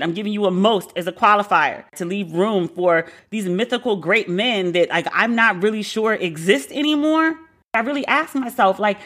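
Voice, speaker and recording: A divorced woman hosting a podcast, telling a candid dating story with lots of swearing and acted-out quotes. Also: a little high. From Brooklyn. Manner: animated, profane, acts out quoted dialogue. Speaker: podcast host.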